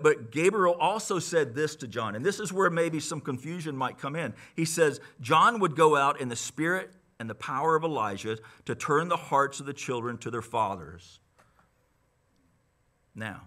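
A man preaching a sermon as pastor, teaching conversationally with lots of restarts and asides. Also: mid-range voice. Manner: conversational, animated Bible teaching with many restarts.

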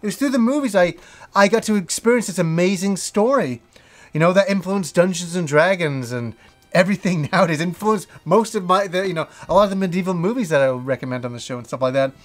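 A middle-aged man hosts a casual show, gushing over films he loves. His voice sits high, and he rambles with eager restarts and the occasional swear word. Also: lively intonation, fast talker. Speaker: host. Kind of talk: casual movie list talk.

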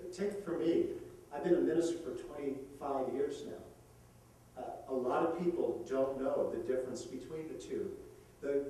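A middle-aged pastor lays out his answer in a measured, preacherly way. His voice sits at an ordinary pitch. It is heard from far away in a very echoey room with faint background ambience. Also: warm tone, a little hiss or hum. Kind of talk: live debate.

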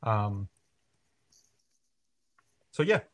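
A man's voice: fairly low pitch, very animated, very slow. Hesitant man. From Mexico. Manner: thoughtful, hesitant, self-deprecating. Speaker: guest, band member. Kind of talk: reflective interview answer.

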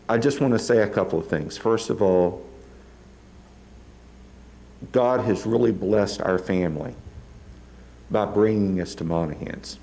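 Man, new church elder, low voice, humble and halting. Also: mellow, poor audio. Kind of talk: short speech to a congregation.

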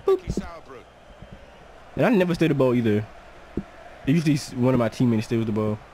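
A man giving excitable, joking commentary while playing a soccer video game, trash-talking the other side. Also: mid-range voice, normal speed, background noise. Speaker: gamer. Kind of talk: casual gameplay commentary.

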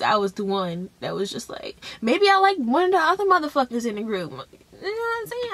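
A woman's voice: mid-range voice, dry recording. A young woman telling a story from her school days in a casual, profane vlog, acting out what others said. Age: young adult. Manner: profane, animated, acts out quotes.

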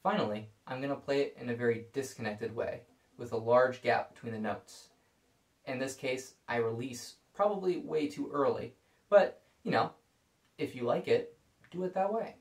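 Guy teaching violin, calm explainy tone, mid pitch, roomy echo. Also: normal speed. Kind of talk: scripted video lesson. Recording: echoey room.

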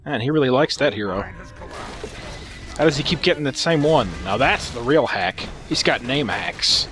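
A man's voice: mid-range voice, expressive, moderate pace. A man commentating on game replays in a sarcastic, profane, amused way.

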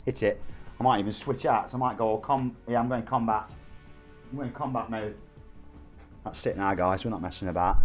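A man's voice: mid-range voice, brisk, soft background music. A man in his forties with a Nottingham accent, chatting and bantering while streaming a game live. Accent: Nottingham English. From England. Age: 40s. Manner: chatty, reads chat aloud, jokey banter.

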